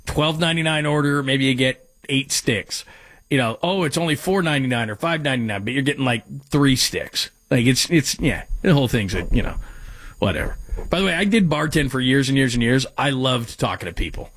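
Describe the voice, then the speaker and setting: A man's voice: mid-range voice, expressive, a little fast, fairly bright tone, no echo. A man hosting a sports talk radio show, talking casually and rambling through listener texts and stories. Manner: rambling, conversational, self-deprecating.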